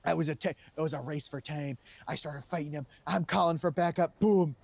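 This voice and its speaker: A man with a fairly high voice tells a long story in character as a police officer during role-play. He talks in an animated way and gets louder whenever he quotes someone. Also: brisk, creaky, husky. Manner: animated, raises voice when quoting others.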